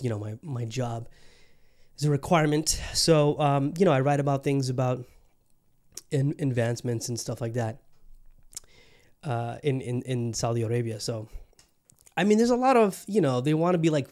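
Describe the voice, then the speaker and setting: A man's voice: medium pitch, a little mellow. A man hosting a podcast in casual chat, rambling and swearing freely, full of fillers and restarts. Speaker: podcast host.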